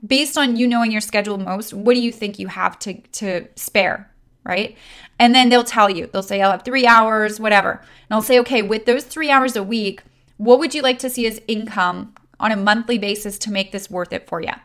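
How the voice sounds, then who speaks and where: A woman's voice: medium pitch, moderate pace, a bit bright. A woman giving a conversational coaching talk on handling sales objections, with frequent fillers and checks like "right?". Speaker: network marketing trainer.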